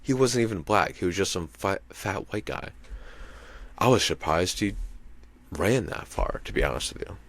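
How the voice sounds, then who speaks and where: In a low, animated voice that's a bit bright, a comedian hosting a podcast rambles through a crude story at a moderate pace. He keeps asking "you know what I mean" as a casual monologue unfolds over a little hiss or hum.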